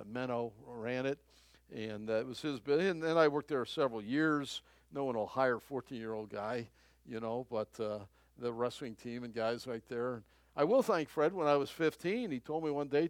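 A man's voice: medium pitch, no room sound. An older man preaching, telling a personal story in a conversational, chuckling way with frequent restarts. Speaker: pastor.

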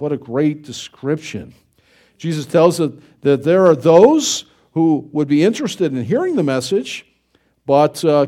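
Man, middle-aged preacher, folksy conversational sermon, rhetorical questions, lively pitch, mellow tone. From United States. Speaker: pastor.

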